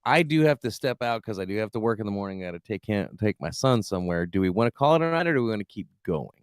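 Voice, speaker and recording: Man, podcast host: animated pitch, dry close sound, teasing. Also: fast talker, smooth, dry recording. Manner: joking, teasing. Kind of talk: casual chat.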